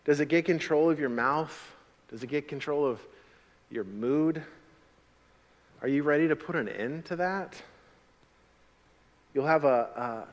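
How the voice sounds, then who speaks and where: A middle-aged man preaching a sermon as a pastor, animated, swinging from loud emphatic lines to quiet asides. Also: mid-range voice. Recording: long hall reverb.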